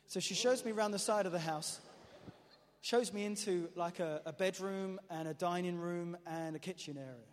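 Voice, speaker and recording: Animated preacher in a reverberant hall. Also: male voice, high-pitched, normal speed, a little hiss or hum. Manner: animated, self-mocking storyteller with frequent restarts. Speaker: preacher giving testimony. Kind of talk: storytelling sermon testimony.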